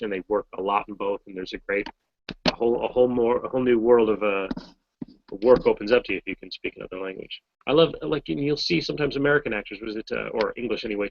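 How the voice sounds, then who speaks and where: A man's voice: fairly low pitch, gravelly, no echo, dull audio. Rambling wry man on a video call. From Massachusetts, US. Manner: rambling, self-correcting, wry. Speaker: voice actor guest. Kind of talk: casual chat in a video hangout.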